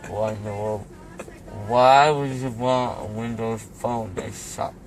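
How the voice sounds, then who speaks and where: A young man, groggy after wisdom teeth removal, talking in a slow, slurred, goofy way. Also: medium pitch, fairly even intonation, soft background music, poor audio. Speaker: patient. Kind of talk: casual chat.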